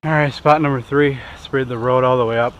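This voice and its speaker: A man's voice: mid-range voice, fairly even intonation, fairly quick, dull audio, over loud music. A man hosting an outdoor hunting vlog, talking in a plain-spoken, easygoing and self-deprecating way. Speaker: hunting show host. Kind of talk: casual outdoor vlog narration. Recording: clear road and outdoor noise.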